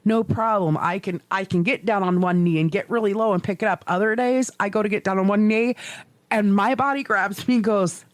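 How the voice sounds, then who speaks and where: Swearing, animated middle-aged woman host. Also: mid-range voice, a little fast, hardly any pauses, dry recording. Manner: animated, swearing, laughing storyteller. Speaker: podcast co-host. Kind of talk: casual chat.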